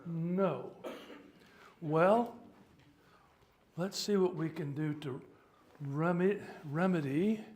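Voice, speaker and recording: A man in his seventies, a priest, giving a loose, joking workshop talk and pausing to sort out practical matters. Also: a little high, darkish tone, slight background noise. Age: 70s. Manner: chatty, joking, stops to sort out sound. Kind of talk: informal teaching talk.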